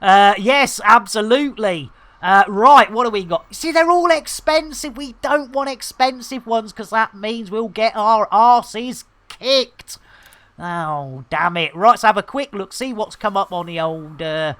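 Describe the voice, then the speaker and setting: A middle-aged man with a British accent rambles through a live game stream, cheeky and chatty. His voice is bright and forward. Bursts of excitement break up the banter. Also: high voice, measured pace, clear, resonant tone. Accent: British English. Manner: chatty, jokey, excitable exclamations. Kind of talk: casual live-stream chat.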